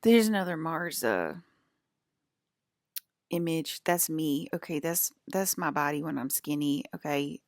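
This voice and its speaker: A woman with a low voice and a gravelly edge talks straight to her audience. She rambles and swears, sounding irritated, and the sound is close and dry. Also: expressive, a little slow, dry recording. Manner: profane, irritated rant. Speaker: vlogger. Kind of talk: rambling monologue.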